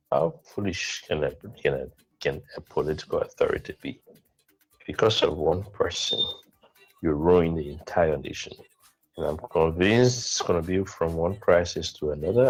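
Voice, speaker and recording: Low-voiced, blunt male commentator. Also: poor audio. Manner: blunt, scathing criticism. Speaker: political commentator. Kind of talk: radio political commentary.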